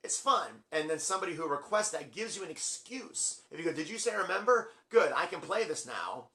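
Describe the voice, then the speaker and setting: Bright, excitable man rambling through a story. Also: a little fast. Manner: excitable, acts out quotes with big pitch jumps. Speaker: music vlogger.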